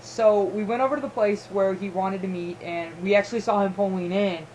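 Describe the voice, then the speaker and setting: A young woman co-hosting a podcast, telling an excited story in casual chat with lots of fillers. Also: mid-range voice, brisk, slight background noise, rough recording. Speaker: podcast co-host.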